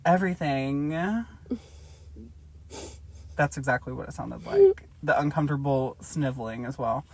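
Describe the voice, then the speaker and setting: A woman's voice: extremely low pitch, fairly quick, dark tone, husky. A woman podcast host reading a book aloud and breaking off to joke about it, swearing freely in casual comedic chat.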